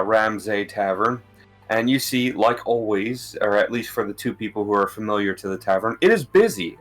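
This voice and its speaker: Game master narrator, male, casual and jokey, slightly low voice. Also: a bit bright. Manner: casual, joking.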